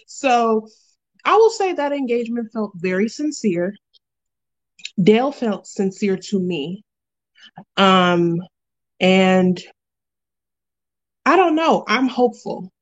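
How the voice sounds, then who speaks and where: A woman hosting a casual reality TV recap, animated and slangy, laughing often. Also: mid-range voice, takes it slowly, pauses often, lo-fi sound. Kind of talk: casual chat.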